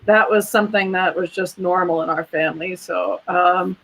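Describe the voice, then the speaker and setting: A woman's voice: fairly low pitch, fairly even intonation, normal speed, a bit bright, a little hiss or hum, low-quality recording. A woman guest in a casual interview, a veterinarian who talks in an earnest, chatty way and speaks proudly of her family. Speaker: guest, veterinarian and clinic owner.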